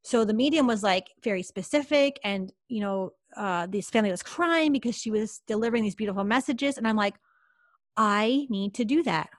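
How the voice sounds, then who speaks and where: A woman's voice: mid-range voice, a little fast, hardly any pauses, dry recording, studio quality. A woman, a psychic medium, telling a personal story in a podcast interview, chatty and full of fillers. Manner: lively, chatty, many fillers like "like".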